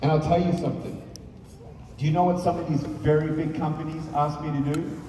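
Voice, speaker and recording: Before a live audience in an echoey hall, a motivational speaker pushes his message hard, repeating points and rallying the crowd. His fairly high voice is level, fairly quick and dark in tone, heard through a distant mic alongside crowd noise and slight hiss or hum.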